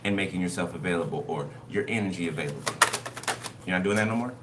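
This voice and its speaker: A man's voice: low voice, fast. A man giving a casual spoken tarot reading, loose and conversational, who keeps checking in with his listeners. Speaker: tarot card reader. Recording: noisy recording.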